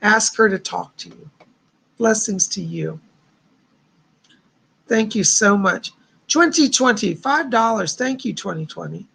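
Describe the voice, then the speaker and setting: A man's voice: high voice, lively intonation, a little slow, gravelly, pauses often, pushed and bright, breathy edge. A man hosting a live stream of psychic readings, talking in a chatty, reassuring way with a somewhat strained voice. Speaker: psychic host.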